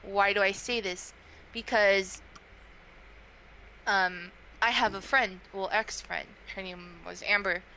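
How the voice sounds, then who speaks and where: A woman's voice: medium pitch, takes it slowly, slight background noise, low-quality recording. A young woman being interviewed as a tarot reader, talking casually with lots of fillers. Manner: chatty, frequent fillers, animated quoting.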